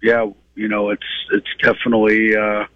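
A man's voice: lowish voice, normal speed. Boston man on a dull phone line. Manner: relaxed, filler-heavy, says "you know" a lot. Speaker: guest musician calling in. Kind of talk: phone interview. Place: moving tour bus. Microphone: cell phone.

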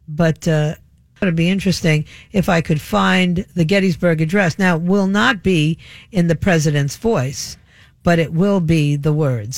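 A woman's voice: low-pitched, dry recording. An older woman hosts a radio talk show in a loose, rambling, chatty style, drifting through memories as she talks. Her voice is close and dry on a studio microphone.

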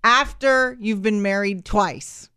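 A woman co-hosting a morning radio show, chatting quickly and taking calls in a studio. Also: medium pitch, sharp tone, clean tone, dry recording. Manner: chatty, quick, laughing often. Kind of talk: casual morning radio banter. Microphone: studio microphone.

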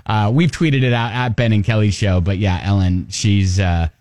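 A man's voice: on the low side, steady tone, moderate pace, darkish tone, dry recording, clean studio sound. A middle-aged man with a Kentucky accent hosting a casual morning radio chat, rambling with fillers and laughs. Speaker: radio show host. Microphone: studio mic.

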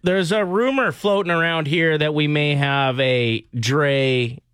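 A man's voice: on the high side, measured pace, fairly bright tone, smooth, no echo, studio quality. A man hosting a radio morning show, bantering in a casual, joking, upbeat way with his co-host. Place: radio studio. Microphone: studio mic.

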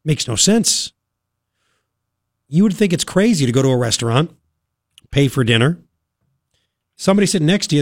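A man's voice: mid-range voice, no echo, clean studio sound. A man hosting a talk radio show, giving emphatic, argumentative commentary straight to the listener.

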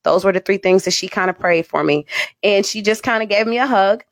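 A woman radio personality tells a story with flair and drama. Her voice sits in a middle pitch. The sound is close and dry. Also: brisk, no echo. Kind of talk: storytelling in casual chat.

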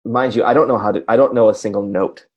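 Husky-voiced man telling a rambling story. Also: lowish voice, fairly even intonation, quick pace, lo-fi sound. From Racine, Wisconsin, USA. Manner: rambling, self-deprecating, full of asides like "you know" and "right?". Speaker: podcast co-host, radio personality. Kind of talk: casual storytelling chat.

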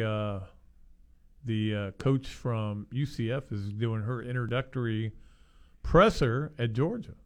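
A man hosts a sports radio show in a loose, conversational way. He muses out loud, pausing to think, in an even middle-pitched voice. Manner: relaxed, thinks aloud with fillers. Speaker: radio host. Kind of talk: casual sports radio chat.

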